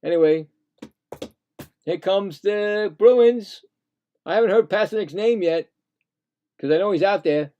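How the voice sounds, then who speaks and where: A man giving casual, excitable play-by-play of a hockey game, indignant and rambling with frequent restarts. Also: high-pitched, slow pace, long pauses, dull audio. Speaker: live play-by-play streamer.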